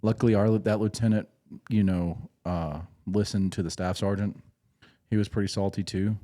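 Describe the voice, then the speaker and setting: A man with a low, mellow voice tells old service stories on a podcast in a loose, rambling way, swearing freely and restarting sentences. His tone stays dark and relaxed throughout. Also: normal speed. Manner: laid-back, rambling, profane, with restarts. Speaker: podcast host, former infantry Marine. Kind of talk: casual storytelling.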